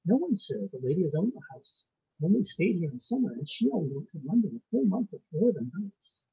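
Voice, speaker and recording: A man's voice: high voice, sing-song, brisk, vocal fry, dark tone, breathy edge, dull audio, heavily acted. A man voicing a placid, stubborn old peasant housekeeper woman with rustic grammar, reading a ghost story aloud.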